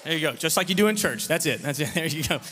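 A man leading a lively children's revival service, joking and teasing the kids while he gives them actions and call-and-response lines. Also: a little high, quick pace, faint music behind. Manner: playful, teasing, loud leader of a crowd of kids. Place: large church sanctuary. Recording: reverberant church hall, faint room noise.

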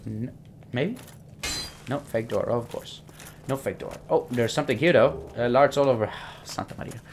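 Young man, casual gameplay commentary, rambling, jokey, swears at enemies, middle pitch, faint background hum. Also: normal speed. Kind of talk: casual let's-play commentary.

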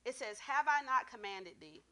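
A woman's voice: on the high side, expressive, moderate pace, pushed and bright. A woman guest preacher delivering a sermon, reading scripture and pressing points with call-and-response questions to the congregation.

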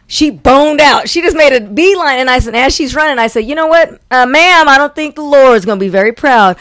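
A woman co-hosting a casual talk show, telling an animated story and acting out the people in it. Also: high voice, a little fast, dry recording. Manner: animated, acts out quotes. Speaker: co-host.

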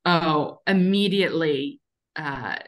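A woman playing a tabletop role-playing game, casual and animated, cursing freely. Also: deep voice, slow pace. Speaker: player. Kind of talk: casual play with in-character speech.

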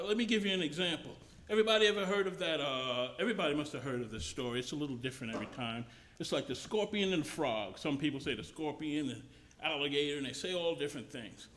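Preacher with a high voice, talky sermon delivery, repeats himself as he builds. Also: a bit bright, slight background noise. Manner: conversational, repeats and restarts phrases. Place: mission chapel service.

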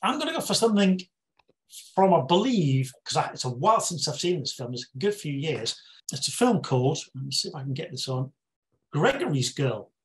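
A man from the UK with a British accent, a guest reviewing a film in a casual interview, speaking in a measured, explanatory way. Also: a little high, very animated. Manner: measured, explanatory, plain-spoken.

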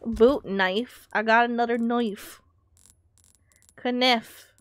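A woman live-streaming a video game, chatting casually and excitably, swearing and talking to herself. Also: mid-range voice, normal speed, no room sound.

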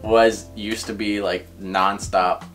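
A man's voice: on the low side, slow, soft background music. A young man chatting casually on his girlfriend's vlog, teasing her and telling stories with energy. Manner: teasing, animated storyteller. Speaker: boyfriend guest. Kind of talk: casual couple chat.

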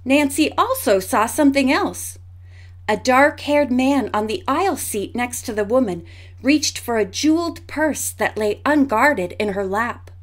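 High-voiced woman reading a mystery. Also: animated, a little slow. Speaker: audiobook narrator. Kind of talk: audiobook narration.

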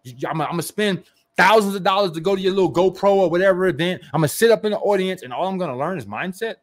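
A network marketing coach launches into an animated, emphatic motivational rant, peppering the listener with rhetorical questions and mocking hype. He has a high voice and talks quickly.

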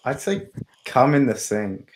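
A man's voice: mid-range voice, sing-song, measured pace, slight background noise. A man being interviewed over a video call, earnestly explaining his answers step by step. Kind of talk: casual chat.

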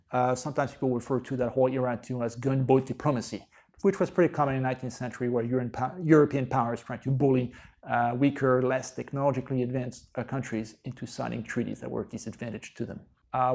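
A man teaching a college history lecture in a conversational way, often pausing on "uh" fillers. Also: mid-range voice, gravelly, dark tone. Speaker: history professor.

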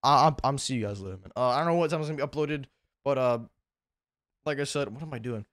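A man's voice: mid-range voice, fast talker, a bit bright, no room sound. Tired young man rambling with cusses. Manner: rambling, heavy cussing, self-deprecating. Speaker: YouTuber. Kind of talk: casual unedited vlog chat.

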